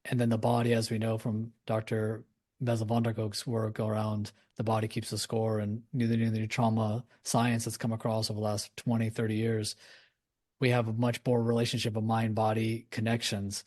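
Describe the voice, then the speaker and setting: Earnest, animated man in conversation. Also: lowish voice, normal speed. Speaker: guest. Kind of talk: reflective conversation.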